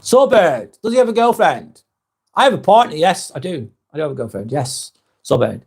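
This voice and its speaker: A man's voice: on the high side, sing-song, moderate pace, slightly rough. An English man hosting a live vlog, chatting casually, reading out viewer comments, blunt and swearing freely.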